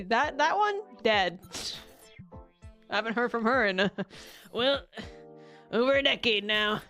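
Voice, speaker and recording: A woman's voice: mid-range voice, a bit bright. A woman streaming casual chat, rambling with frequent restarts, swearing casually and laughing often.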